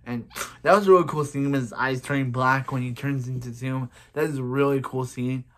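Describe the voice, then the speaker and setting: A man's voice: medium pitch, fairly even intonation, fairly quick, a bit bright, a little hiss or hum. A man giving a casual, rambling recap of a TV episode, repeating himself and restarting his sentences. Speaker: episode reviewer.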